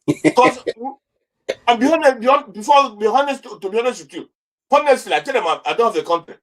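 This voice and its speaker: A middle-aged Nigerian man with a fairly high voice, speaking as an interview guest. He fires off indignant rhetorical questions and stumbles over repeated words as he gets worked up. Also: animated, fairly quick. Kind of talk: impassioned political commentary.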